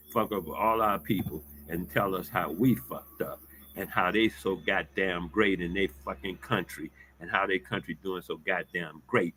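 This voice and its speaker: A vlogger unloads an angry, expletive-filled monologue on his viewers. He rants emphatically, repeats himself, and lurches between loud outbursts and low muttering.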